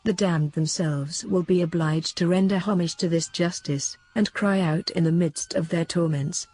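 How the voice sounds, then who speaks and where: A woman reading a devotional book aloud as an audiobook narrator, in a steady, measured way. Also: fairly low pitch, breathy edge, dry recording. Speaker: audiobook reader.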